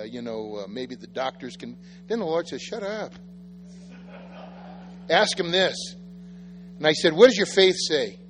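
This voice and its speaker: A pastor telling personal stories in a sermon, animated and self-deprecating, acting out the quotes. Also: male voice, a little high. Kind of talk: sermon storytelling. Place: church sanctuary. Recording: reverberant church hall with faint music.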